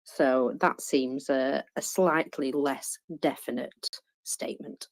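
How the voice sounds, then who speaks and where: A man's voice: medium pitch, steady tone, slow. A man reading a defence update aloud in a casual online discussion, with hesitant fillers between passages. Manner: reads steadily with hesitant fillers. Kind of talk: casual discussion and read-out report.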